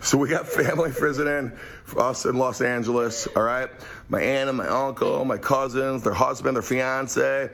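A man telling a brash, profane story straight to the camera, with a husky voice. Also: mid-range voice, steady tone, moderate pace, a bit bright. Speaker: social media video creator. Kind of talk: monologue to camera.

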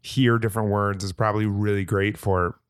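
A man's voice: fairly low pitch, steady tone, moderate pace, clean tone, no echo. A man co-hosting a podcast, chatting in an enthusiastic, rambling way. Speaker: podcast co-host. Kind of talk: casual podcast chat.

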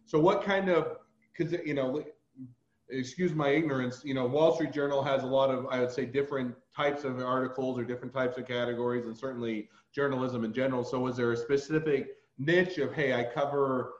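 A man's voice: medium pitch, fairly even intonation, brisk, echoey room, dull audio. A man from Utah with a Utah accent, hosting a casual podcast interview and talking in a rambling way full of fillers and asides. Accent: Utah, American. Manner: rambling, filler-heavy, digressive. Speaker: podcast host.

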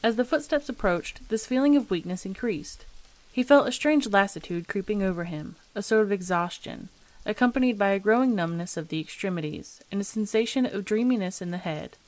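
A woman narrating a classic ghost story as the host of a reading show, in a measured, steady manner. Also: mid-range voice.

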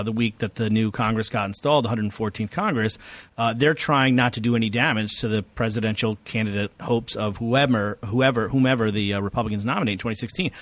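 A man's voice: fairly low pitch, a bit bright, no room sound. A male author and political scientist answering interview questions in long, lecturing explanations.

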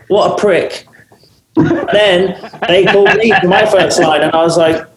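A man with an English accent, a musician and actor telling stories in a casual interview, animated and self-mocking, often laughing. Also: on the high side, moderate pace, reverberant, rough recording. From England.

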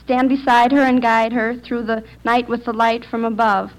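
Woman, hesitant radio quiz contestant, slightly high voice. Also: little pitch movement, normal speed, poor audio. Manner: hesitant, thoughtful. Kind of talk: 1940s radio quiz show.

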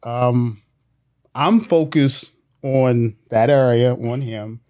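A man's voice: mid-range voice, extremely slow, dark tone. A man, a police officer, telling a tense story in a casual studio interview, full of slang and quoted voices. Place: podcast studio.

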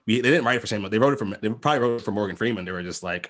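Guy chatting with friends, swears a lot, bursts out laughing loud. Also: lowish voice, racing. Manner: loud laughing outbursts, profane banter. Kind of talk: casual chat.

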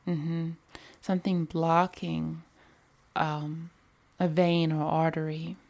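A woman's voice: low-pitched, level tone, slow, gravelly, darkish tone. A woman hosting a podcast, talking in a rambling, casual way with many fillers. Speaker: podcast host. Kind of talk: casual spiritual podcast monologue.

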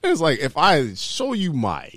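A man talking in casual chat, animated and swearing freely, acting out quotes with sudden jumps in pitch. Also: a little slow, dry recording.

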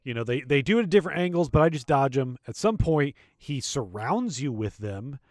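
Relaxed man rambling through a game recap. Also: mid-range voice, brisk, no room sound, clean studio sound. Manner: relaxed, rambling, recaps scenes with quoted lines. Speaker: podcast co-host. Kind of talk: casual game discussion.

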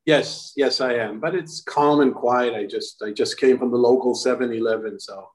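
A man's voice: mid-range voice, normal speed, echoey room, poor audio. A man who is a former Israeli diplomat, giving analysis as a podcast guest in a conversational way with many restarts. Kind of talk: podcast interview answer. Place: Tel Aviv.

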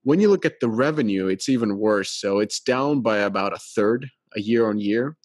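A man hosting a podcast, reading an article aloud and adding his own relaxed commentary, with restarts and small laughs. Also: fairly low pitch, moderate pace, dry recording. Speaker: podcast host.

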